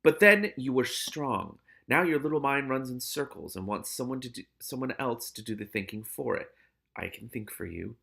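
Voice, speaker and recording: A sinister male rat spirit hisses from inside a cat's head, as a man reading aloud puts him on. The voice is eerie and menacing, with a gravelly, bright edge. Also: mid-range voice, normal speed, exaggerated voice.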